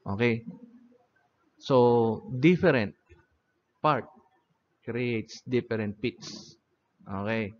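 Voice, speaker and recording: A man's voice: mid-range voice, drawn-out words, long pauses. A man teaching an anatomy lecture, often checking in with "okay?" and "no?". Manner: repeats "okay?" and "no?" checking on listeners. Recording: dull lo-fi audio.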